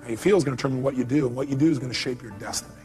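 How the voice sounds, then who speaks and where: A man's voice: mid-range voice, racing, a little mellow, soft background music. A man giving a motivational seminar talk, emphatic, firing rhetorical questions at his audience. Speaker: motivational speaker.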